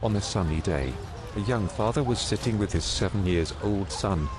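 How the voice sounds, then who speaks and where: A man telling crude jokes as a narrator, in a deadpan storytelling manner with teasing rhetorical questions. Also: fairly low pitch, moderate pace. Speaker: joke narrator. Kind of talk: scripted joke storytelling. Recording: noisy background hiss.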